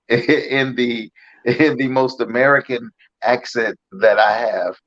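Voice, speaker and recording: A man telling a story in casual chat, animated and acting out the voices of others. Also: medium pitch, takes it slowly. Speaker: podcast host. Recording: dull, slightly lo-fi sound.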